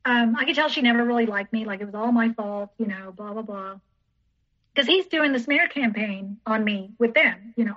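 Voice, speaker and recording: A woman's voice: a little high, moderate pace. Woman telling her story, repeating herself. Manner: rambling, repeats herself, acts out others' lines. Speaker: podcast guest; teacher. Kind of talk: personal storytelling in an interview. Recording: dull lo-fi recording.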